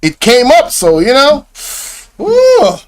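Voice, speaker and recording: Man, reaction video host, high voice, slow drawl, incredulous, slangy, laughing. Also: wildly swooping pitch. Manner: exclaiming, incredulous, often laughing; slang-heavy, addresses viewers directly. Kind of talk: casual reaction commentary.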